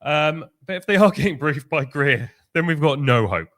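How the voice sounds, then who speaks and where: A man's voice: fairly high pitch, lively intonation, moderate pace, a bit bright. A man co-hosting a podcast, blunt and scornful in casual talk, a bit out of breath. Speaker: podcast co-host.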